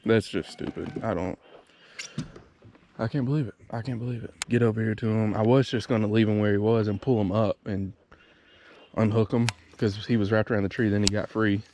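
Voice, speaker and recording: A man, vlogging while fishing from a kayak and talking excitedly and frustratedly to himself. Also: on the low side, a little fast. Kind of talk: casual vlog talk to camera. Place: outdoors on a kayak on a lake. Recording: noisy outdoor camera audio.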